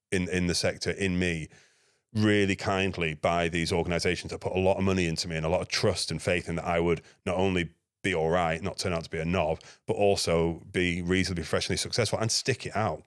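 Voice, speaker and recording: Male podcast guest, rapid storyteller with a lowish voice. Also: dry recording, studio quality. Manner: lively anecdote-telling, acting out his own dialogue. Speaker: guest, NGO security manager.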